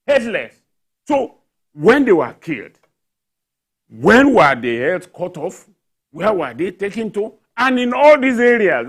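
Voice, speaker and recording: A man's voice: high-pitched, a bit bright. A man on a television panel, talking with indignation and firing off rhetorical questions. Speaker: journalist panelist. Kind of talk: studio panel discussion. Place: television studio.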